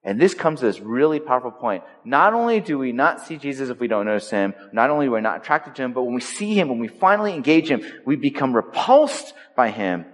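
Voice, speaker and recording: Animated male preacher in a reverberant hall. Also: a little fast, few pauses. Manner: animated preaching with dramatic swings in pitch and pace. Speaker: pastor. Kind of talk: sermon. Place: church sanctuary. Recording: long reverb of a large hall.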